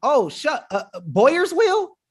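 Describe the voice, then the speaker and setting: A man's voice: very high-pitched, wildly swooping pitch, slow. A man hosting a webinar in an emphatic, combative, slangy manner, talking casually to his viewers. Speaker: webinar host. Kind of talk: fiery casual livestream talk.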